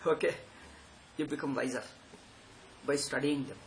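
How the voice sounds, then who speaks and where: A man lectures students on spiritual matters in a fairly high voice. He talks with sarcastic emphasis and keeps circling back to repeat his points. A faint noise sits under the recording. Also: normal speed, fairly bright tone, poor audio. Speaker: Vedanta teacher.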